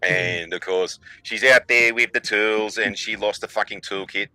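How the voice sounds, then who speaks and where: A man's voice: fairly low pitch, fairly even intonation, moderate pace, pushed and bright, smooth, no room sound, low-quality recording. Profane man telling stories. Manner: crude, profane storytelling with mocking put-on voices. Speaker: podcast co-host. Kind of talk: casual chat.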